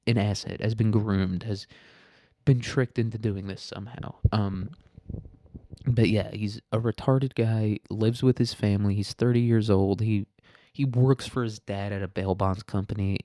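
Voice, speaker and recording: Male commentary host, low, mellow voice, crude, sarcastic delivery, dry close sound. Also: steady tone, unhurried, no room sound. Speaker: podcast host. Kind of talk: casual current-events commentary.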